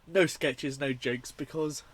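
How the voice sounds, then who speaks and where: A young man reviewing a horror film in a casual, rambling, profane and excitable way. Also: fairly high pitch, slow.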